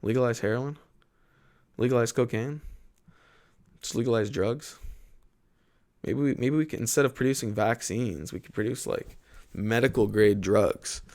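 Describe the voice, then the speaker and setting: Young canadian guy rambling on his podcast, kinda gravelly, swears a lot, jokey. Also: mid-range voice, normal speed, long pauses, darkish tone. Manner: rambling, joking, swears freely. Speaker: podcast host. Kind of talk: casual solo rambling.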